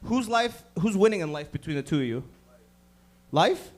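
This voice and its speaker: Stand-up comic, male, high-pitched, swears freely, chats up the front row. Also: lively intonation, normal speed, background noise. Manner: profane, riffing with the audience, acting out voices. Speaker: stand-up comedian. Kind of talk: stand-up set with crowd work. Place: comedy club stage.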